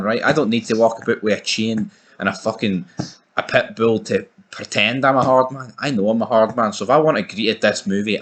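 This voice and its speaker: A young man with a Scottish accent reviews a film in a loose, sweary rant. His voice is on the low side and he swings between mock-tough bluster and gushing. It is a casual, animated delivery.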